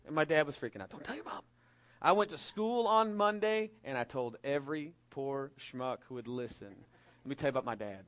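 Animated male preacher telling a story. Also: fairly high pitch. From California. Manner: storytelling, animated and jokey, acts out voices. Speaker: pastor. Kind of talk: sermon.

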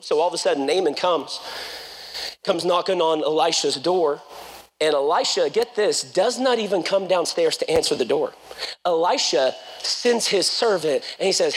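Pastor, high voice, fervent sermon delivery that rises to shouting, with jokey asides. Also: male voice, expressive, moderate pace. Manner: fervent, builds to shouting, then jokes.

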